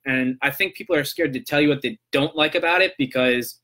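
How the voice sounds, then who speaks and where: A man's voice: on the high side, brisk, few pauses, sharp tone. A man hosting a casual solo podcast, talking in a loose, rambling way and checking in with "right?". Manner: rambling, loose and conversational, tags lines with "right?". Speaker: podcast host.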